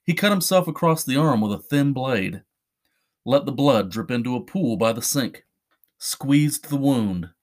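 A male podcast host reads a dark short story aloud. His delivery is measured and deliberate, with a voice of middling pitch for a man. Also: lively intonation. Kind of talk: horror story narration.

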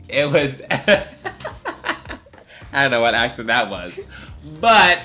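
A woman's voice: extremely low pitch, big pitch swings, takes it slowly, pauses often, bright, forceful tone, faint music behind. A tipsy woman from Jamaica co-hosting a podcast, chatting casually and laughing as she teases. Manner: laughing, playful, teasing. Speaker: podcast co-host. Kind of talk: casual chat.

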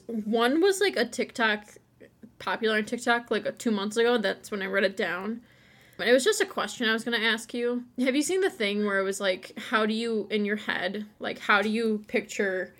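A woman's voice: a little high, moderate pace, sharp tone. A young woman from Buffalo, co-hosting a podcast in casual, laughing chat full of restarts. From Buffalo, New York. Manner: chatty, laughing, many restarts. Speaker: podcast co-host.

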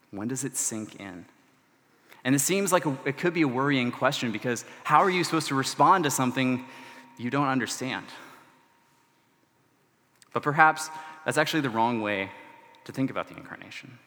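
A man, delivering a sermon as a church's student ministry director, earnest and measured with casual asides. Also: medium pitch, sharp tone. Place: large church sanctuary. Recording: long church-hall reverb.

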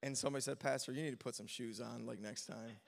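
A man's voice: mid-range voice, quick pace, creaky. A man pastor speaking to a congregation in a sermon, telling a personal story with frequent stammers and restarts. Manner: preaching climax, shouting and sing-song, then relaxed storytelling with stammers.

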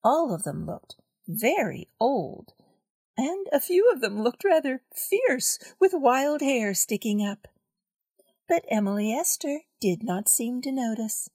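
A woman reading a children's story aloud, carefully and clearly. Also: fairly high pitch, very animated, takes it slowly, a little mellow, dry recording, clean studio sound.

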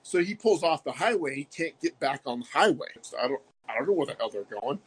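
A man on a podcast call-in, telling a story in a casual, animated way, full of "like" and "right?". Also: a little high, quick pace, slightly rough. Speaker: guest.

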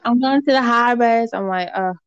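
A young woman co-hosting a podcast, telling a story in casual chat, full of fillers, and acting out other people's lines in lively voices. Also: on the high side, normal speed, smooth, no room sound, dull audio. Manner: animated, acts out quoted voices, lots of fillers.

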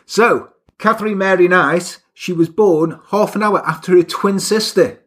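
A man's voice: sits high, measured pace, fairly bright tone. A man hosting a podcast, chatting casually and teasing his co-host while telling a story. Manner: jokey, teasing, playful banter. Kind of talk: casual comedic chat and storytelling.

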